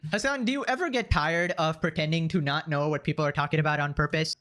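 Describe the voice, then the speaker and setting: Male host, high bright voice, quick sarcastic commentary. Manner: mocking, sarcastic asides. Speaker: reaction host reading along.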